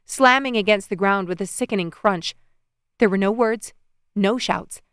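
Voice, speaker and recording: A woman narrating a first-person romance audiobook in an expressive storytelling manner, recorded close in a studio. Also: medium pitch, clean tone, no echo.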